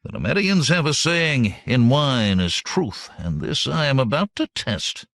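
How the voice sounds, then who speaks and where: Male reader as gruff commanding barbarian general, lively delivery, storybook. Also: mid-range voice, measured pace, dry recording, clean studio sound, pitched above the performer's own voice.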